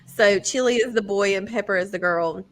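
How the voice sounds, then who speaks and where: A woman's voice: mid-range voice, moderate pace. A woman co-hosting a casual chat, talking chattily and laughing often. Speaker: podcast co-host.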